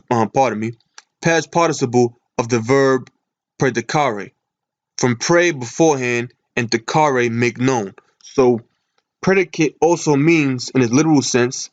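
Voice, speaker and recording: Man, Bible teacher, mid pitch, question-and-answer teaching, lo-fi computer mic. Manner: explains by asking and answering his own questions. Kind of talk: screen-share scripture lesson.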